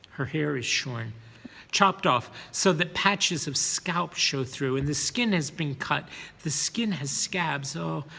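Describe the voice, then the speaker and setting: A man's voice: a little high, creaky, sharp tone, slightly rough, long reverb tail. A man narrating a first-person story, sometimes repeating words as he reads.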